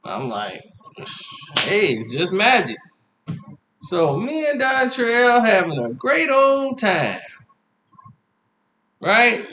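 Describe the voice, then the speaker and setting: A young man telling a comic dating story in a slangy, animated way, laughing often. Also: high-pitched, slight background noise. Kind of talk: comedic storytelling. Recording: echoey room.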